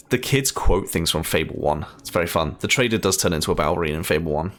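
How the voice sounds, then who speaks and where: A man's voice: low-pitched, animated, moderate pace, soft background music. A Scottish man giving casual, chatty commentary as he plays a game, laughing often and thinking aloud. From Scotland. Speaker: gaming streamer.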